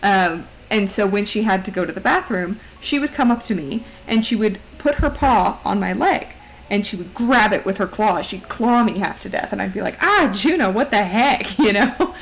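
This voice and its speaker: A woman's voice: mid-range voice, expressive, moderate pace, faint music behind, poor audio. A woman streamer chatting casually and giggling, often baby-talking to her dog. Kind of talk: casual chat.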